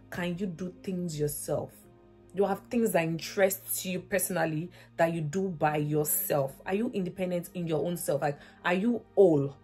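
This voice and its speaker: A woman's voice: fairly low pitch, normal speed, a little mellow, soft background music. A woman vlogger giving faith-based relationship advice, earnest and emphatic, repeating her points as rhetorical questions.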